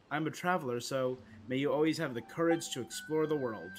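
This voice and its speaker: A man's voice: mid-range voice, brisk, hardly any pauses, slight background noise. A young man streaming a game, reading its dialogue aloud and putting on character voices, with playful asides. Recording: game music faintly behind.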